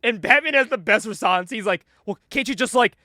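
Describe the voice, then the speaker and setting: A man's voice: high-pitched, brisk, sharp tone, no echo, studio quality. A man casually recapping a comic book, acting out the characters' lines and laughing often. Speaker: podcast host.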